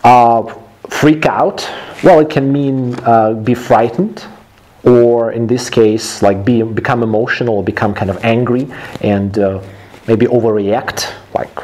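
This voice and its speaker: A man's voice: medium pitch, fairly even intonation, slow, a little mellow. Man explaining English phrases. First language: Russian. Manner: explains phrases in simple words and translates them. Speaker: English teacher. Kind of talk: language lesson.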